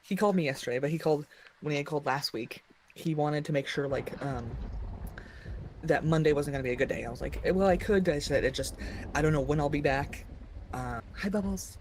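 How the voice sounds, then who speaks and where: A woman's voice: low-pitched, fairly quick, slight background noise. A woman chatting on a gaming stream, telling a story and acting out other people's lines. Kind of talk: casual gaming stream chat.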